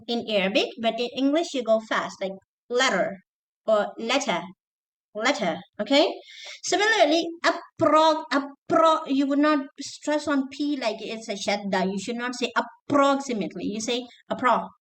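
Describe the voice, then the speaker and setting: A woman teacher giving an online lesson, repeating words slowly to drill pronunciation and mixing in Arabic terms. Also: fairly high pitch. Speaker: teacher trainer.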